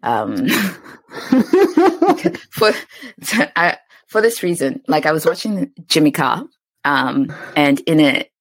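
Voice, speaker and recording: A woman with an American accent hosting a podcast, chatting casually, laughing easily and telling stories in an animated way. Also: low-pitched, takes it slowly, long pauses, slightly rough, dry recording. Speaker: podcast host. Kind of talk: casual chat.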